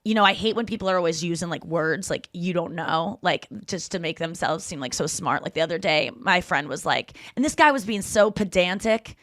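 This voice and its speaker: A woman's voice: on the low side, fairly quick, few pauses, a bit bright, no echo, studio quality. A woman hosting a podcast in casual chat, telling stories animatedly and acting out quoted lines. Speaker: podcast host.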